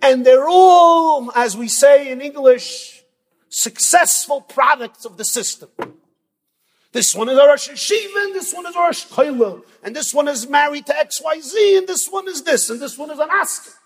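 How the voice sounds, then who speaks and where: A man's voice: very high voice, lively intonation, normal speed, pitched above the performer's own voice. A man voicing a troubled teenage boy who lists his siblings in a raised, aggrieved way. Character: troubled teenage boy, the family black sheep. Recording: long reverb from a large hall.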